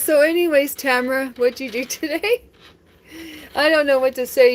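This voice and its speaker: A woman's voice: high-pitched, measured pace. A woman chatting casually on a live stream from home, talking straight to viewers and laughing often.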